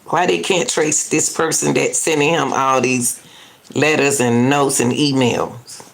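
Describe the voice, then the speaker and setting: A woman's voice: very deep voice, fairly even intonation, unhurried, vocal fry. A woman doing live reaction commentary, indignantly arguing back at a news clip and talking straight to her viewers. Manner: indignant, argues back at the clip, repeats herself; casual and talkative, addresses viewers directly.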